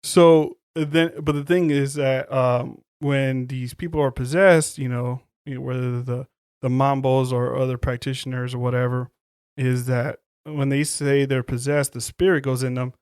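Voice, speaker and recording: A man's voice: medium pitch, flat delivery, a little mellow, clean tone, no room sound, clean studio sound. A man co-hosting a podcast, recapping a film in loose, profane casual chat. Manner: loose, profane movie recap with quick quoted voices. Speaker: podcast co-host.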